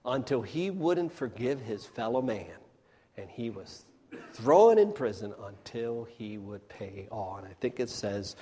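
A man's voice: mid-range voice, slightly rough. Folksy preacher man in a reverberant hall. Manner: swings between loud emphatic bursts and hushed near-whispers; folksy, addresses the crowd as folks. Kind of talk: sermon.

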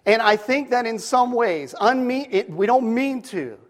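Preacher, male, fairly high voice, earnest and emphatic sermon delivery with stories. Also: animated, measured pace.

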